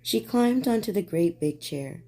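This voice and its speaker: A woman reading a bedtime storybook aloud in a gentle, soothing way. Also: mid-range voice, lively intonation, measured pace.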